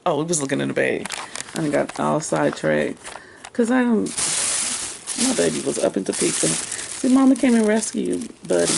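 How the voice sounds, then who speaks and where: Gravelly woman chatting at home. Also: deep voice, moderate pace, long pauses, background noise. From United States. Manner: chatty, talks to herself while rummaging, laughs often. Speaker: crafter and vlogger. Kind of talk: casual chat to viewers. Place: home sewing room.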